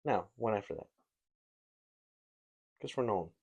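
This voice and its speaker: Low-voiced man rambling in casual chat. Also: moderate pace, breathy edge, dull audio. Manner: rambling, laughs often, swears. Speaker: podcast co-host.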